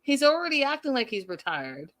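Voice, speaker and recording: A young woman hosting a casual reality TV recap, sassy and animated, acting out the people she talks about. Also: high voice, fairly quick. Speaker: recap show host.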